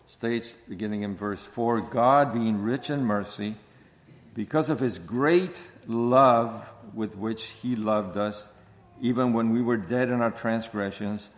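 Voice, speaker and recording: A man with a somewhat low voice preaches a sermon at a slow, measured pace. He dwells on key phrases and repeats them for weight. His voice carries a long reverb, as if he were in a large church hall. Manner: slow, deliberate preaching with stressed repetitions. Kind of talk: expository sermon.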